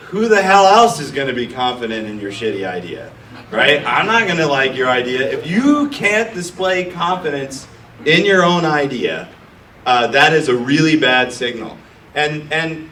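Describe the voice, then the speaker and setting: Middle-aged man, blunt mocking coach, higher voice, roomy sound from off-mic. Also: a bit bright, a little hiss or hum. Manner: brash, profane, mocking, acts out nervous founders. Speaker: startup accelerator founder coaching founders. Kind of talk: blunt live talk to an audience. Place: room with an audience. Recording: echoey room from far off.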